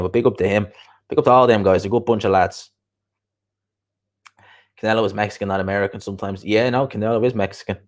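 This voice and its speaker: A man chatting casually as a boxing show host, opinionated and repeating his points for emphasis. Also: low voice. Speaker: boxing show host reading viewer comments. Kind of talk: casual livestream chat.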